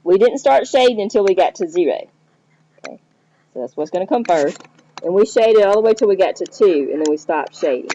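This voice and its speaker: A woman's voice: mid-range voice, expressive, fairly quick, dark tone. A woman teacher explaining math step by step, checking in with the listener as she goes. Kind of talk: recorded math lesson. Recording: dull lo-fi recording.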